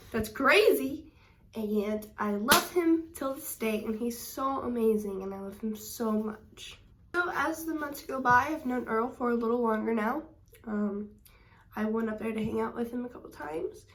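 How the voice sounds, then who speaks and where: A young woman chats to camera, gushing and filling her story with "like" and "um". Her voice sits a little high, and she sounds a bit away from the mic in an echoey room. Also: distant mic. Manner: chatty and gushing, many "like" and "um" fillers. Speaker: reptile vlogger.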